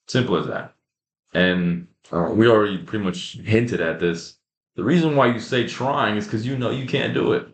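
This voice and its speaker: A man's voice: lowish voice, moderate pace. Casual, emphatic young man in an echoey room. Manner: casual, repetitive, emphatic, addresses viewers as guys and bro. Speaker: fitness creator. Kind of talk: casual motivational talk over slides.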